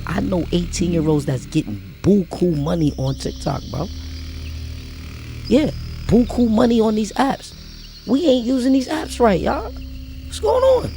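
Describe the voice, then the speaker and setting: A man's voice: sits high, mellow. A man vlogging, delivering an emphatic, preachy motivational rant full of street slang and repeated phrases.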